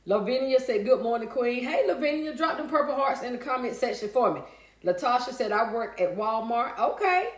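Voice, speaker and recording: A woman's voice: on the high side, lively intonation, fairly quick. A woman hosting a casual livestream, chatting with viewers and reading out their comments in a folksy way. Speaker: livestream host. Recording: echoey room.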